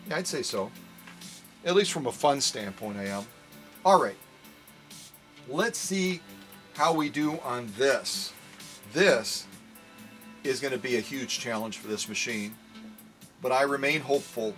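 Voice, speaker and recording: A man's voice: medium pitch, lively intonation, a little slow, pauses often, a bit bright, faint music behind. A man hosting a live premiere sewing demo, talking playfully to viewers as folks. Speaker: sewing machine restorer.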